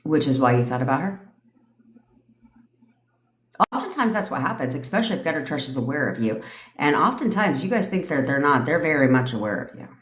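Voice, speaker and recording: A middle-aged woman with a low voice coaches her listeners in a casual livestream rant. She is blunt and profane, swearing as she goes. Her voice rings in an echoey room. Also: very animated, a little fast, long pauses, a little hiss or hum. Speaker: manifestation coach.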